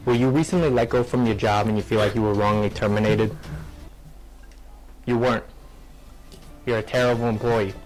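Deadpan spoof-ad lawyer, played by a man. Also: lowish voice, normal speed, pauses often, soft background music, lightly acted, poor audio. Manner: flat, blunt delivery.

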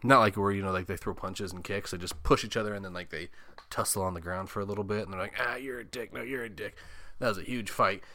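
A man with a fairly low, bright, forceful voice recaps a film in a loose, joking way. He swears often and slips into quick bits of the characters' lines. The sound is dry and close. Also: fairly even intonation, no echo. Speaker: podcast host. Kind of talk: casual movie recap.

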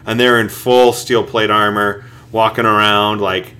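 A man's voice: on the low side, flat delivery, unhurried, pushed and bright. A man co-hosting a podcast, chatting casually and rambling, searching for words with lots of fillers. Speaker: podcast co-host. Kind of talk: casual chat.

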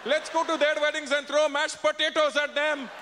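A man voicing an older Indian parent who shouts and scolds in a shrill voice at a wedding. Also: little pitch movement, normal speed, very noisy. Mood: outraged. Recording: echoey festival hall.

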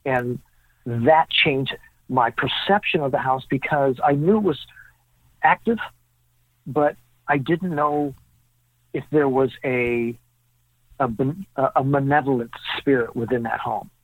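A man, the guest author in an interview, telling an animated story and acting out what people said. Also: medium pitch, unhurried, long pauses, no room sound. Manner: animated storyteller who acts out the dialogue. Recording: tinny phone-like line, dry.

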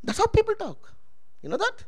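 A man's voice: very high-pitched, wildly swooping pitch, fairly quick, rough recording. A man preaching a sermon testimony, emphatic and calling out to the congregation for responses.

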